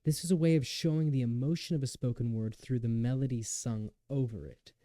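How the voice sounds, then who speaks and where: A young man delivers a lecture in a very mellow, warm voice at a middle pitch. He talks in an earnest, measured way, sometimes restarting a word. The sound is close and dry. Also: dry recording. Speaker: student lecturer. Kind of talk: lecture recital narration.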